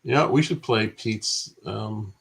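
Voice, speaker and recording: Relaxed male co-host, somewhat low voice, casual stream talk. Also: slow, creaky, slightly rough.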